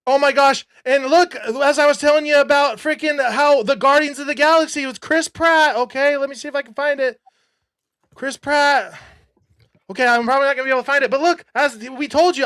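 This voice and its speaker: A show host with a very high voice excitedly breaks down a conspiracy, talking rapidly, cutting himself off, and getting so worked up that he yells.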